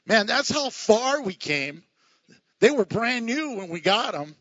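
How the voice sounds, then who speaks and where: A man preaching a sermon as pastor, animated, laughing at his own asides and acting out the people in the reading. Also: extremely high pitch, unhurried, dry recording, muffled recording.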